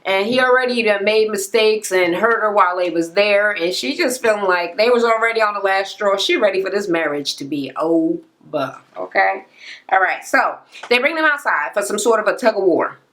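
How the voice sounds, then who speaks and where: A woman's voice: mid-range voice, normal speed. A woman ranting in a casual recap of a reality show, blunt, profane and mocking. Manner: exasperated, animated.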